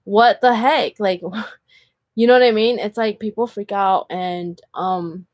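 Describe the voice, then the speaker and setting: Speaking slowly in a medium-pitched, somewhat dark voice with no room sound, this woman shares personal stories on her vlog. Her tone is casual, candid, and earnest, with "like" peppering nearly every line.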